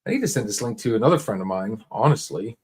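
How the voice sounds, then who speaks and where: A man's voice: lowish voice, sing-song, fast, a little mellow, husky. A man hosting a casual livestream, talking straight to viewers in a laid-back, rambling way full of restarts and fillers. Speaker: livestream host.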